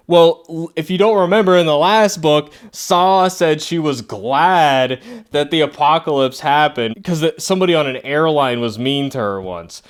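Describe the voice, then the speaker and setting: A man's voice: fairly high pitch, normal speed, clean tone. A young man giving a casual, chatty comic book review, often laughing and making sarcastic asides.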